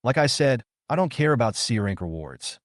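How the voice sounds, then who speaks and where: A man doing a calm, smug rival. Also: medium pitch, dry recording, clean studio sound, lightly acted. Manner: calm, measured, lecturing. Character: calm, smug young man in glasses, quietly confident.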